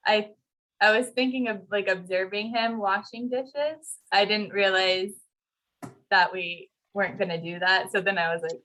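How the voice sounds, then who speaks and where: A woman's voice: mid-range voice, steady tone, unhurried, a bit bright, rough recording. A young woman, a graduate student, speaking hesitantly with restarts in a casual video-call chat. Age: young adult.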